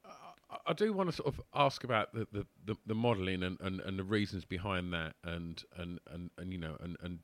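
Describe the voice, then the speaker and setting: Guy host, low voice but bright and lively, stumbles over his questions, dry close sound. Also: dry recording. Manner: halting, repeats words while forming questions. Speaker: podcast host. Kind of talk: casual interview chat.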